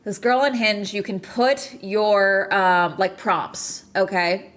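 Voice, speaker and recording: A woman's voice: mid-range voice, steady tone, takes it slowly, a bit bright. A woman streamer ranting in casual chat, emphatic and full of swearing. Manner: profane, emphatic, exasperated.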